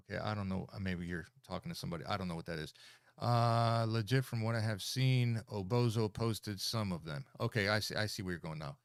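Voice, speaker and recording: A man's voice: on the low side, fairly quick, gravelly, smooth. A man in his sixties, a military veteran, telling a rambling, profane story on his livestream with many fillers and restarts.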